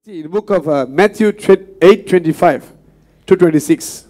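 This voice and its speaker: A pastor preaching a sermon earnestly, repeating points and asking the congregation questions. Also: male voice, high-pitched, normal speed, mellow, soft background music.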